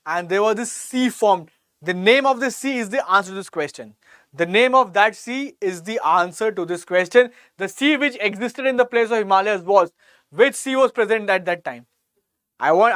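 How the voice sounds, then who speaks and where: A man's voice: high voice, fairly bright tone, smooth, no echo. A man with an Indian English accent teaching a live online quiz class, encouraging students by name and repeating each question. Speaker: exam coaching teacher.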